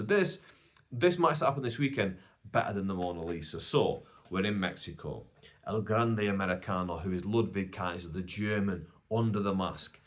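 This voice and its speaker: British guy rambling on his podcast, super animated up-and-down voice, lots of side comments. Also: mid-range voice. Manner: chatty, rambling, with asides. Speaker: podcast host. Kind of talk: casual solo podcast storytelling.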